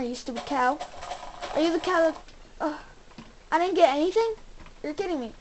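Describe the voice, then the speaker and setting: A young woman hosting a gaming channel, giving casual commentary as she plays and talking excitedly to her viewers. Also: high voice, moderate pace, a little hiss or hum, low-quality recording. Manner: excitable, exclaims and talks to viewers.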